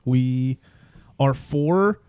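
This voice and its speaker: A man's voice: medium pitch, very slow, darkish tone, smooth, dry recording. A young man co-hosting a casual podcast, teasing and laughing often. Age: young adult. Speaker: podcast co-host. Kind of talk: casual chat.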